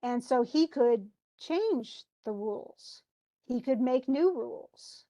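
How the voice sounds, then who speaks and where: American woman teacher, lively chatty lecturer, voice a touch high. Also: takes it slowly. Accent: General American. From United States. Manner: animated, chatty explaining with casual asides. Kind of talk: classroom lecture on a play.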